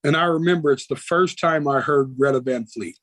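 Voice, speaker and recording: Man, Southern accent, folksy rambling storyteller, higher voice, dry sound. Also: brisk, fairly bright tone, no room sound, poor audio. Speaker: guest musician. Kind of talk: casual interview chat.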